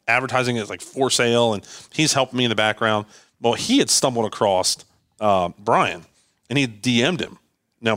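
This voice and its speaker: A man telling a long story on a podcast as a guest, acting out what people said with lively jumps in voice and frequent restarts. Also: mid-range voice, no echo, studio quality. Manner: animated, acts out quoted dialogue, frequent restarts. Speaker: guest, landscaping business owner.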